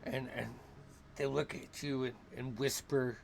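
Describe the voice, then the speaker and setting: A man narrating a tabletop game as dungeon master, unhurried and halting, with many restarts. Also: mid-range voice, level tone, vocal fry, a little hiss or hum.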